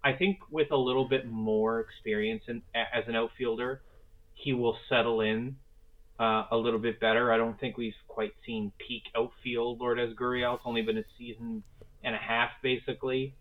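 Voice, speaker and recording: A man's voice: mid-range voice, level tone, normal speed. A man co-hosting a casual sports podcast, talking in an enthusiastic, rambling way with casual swearing. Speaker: podcast co-host. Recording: phone-like narrow sound.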